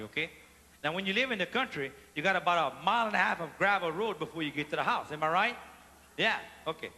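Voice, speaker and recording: Cajun comedian on stage, high bright voice, big hall echo, chatty with the crowd. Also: male voice. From Louisiana. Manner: chatty, playful, addresses the crowd. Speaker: stand-up comedian. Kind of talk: live stand-up storytelling. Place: large theater stage. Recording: live theater reverb, faint hall noise.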